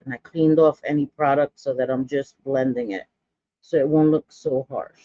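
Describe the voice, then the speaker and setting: A woman's voice: rumbling low, steady tone, moderate pace, mellow, dry recording, lo-fi sound. A woman in her forties chatting bluntly through a makeup tutorial, gossipy and full of dramatic asides. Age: 40s. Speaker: makeup vlogger.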